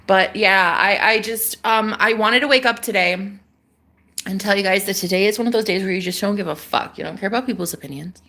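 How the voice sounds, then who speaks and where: Young woman streamer, bright sharp voice, rambling storyteller who swears and jumps from loud to hushed. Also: mid-range voice, brisk. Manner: animated, swearing, swings between loud outbursts and hushed murmurs. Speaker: livestream host.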